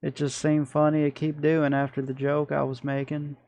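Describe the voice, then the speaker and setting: A man's voice: fairly high pitch, completely flat delivery, moderate pace, creaky, a little mellow, no echo. A man with a Michigan accent, streaming and chatting casually through his gameplay in a rambling, self-deprecating way.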